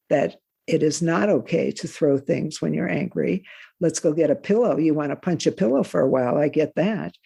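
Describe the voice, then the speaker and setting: Gravelly woman giving parenting advice. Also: sits low, mellow. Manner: earnest, advising, emphatic. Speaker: guest, parenting program founder. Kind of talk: conversational interview.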